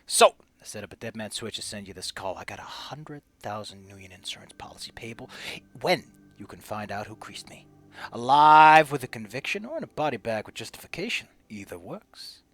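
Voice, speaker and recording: Man doing a hushed, weary drunk's farewell message. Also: expressive, fairly quick. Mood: grim. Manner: low, hushed, half-whispered. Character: weary hard-drinking man leaving a final message.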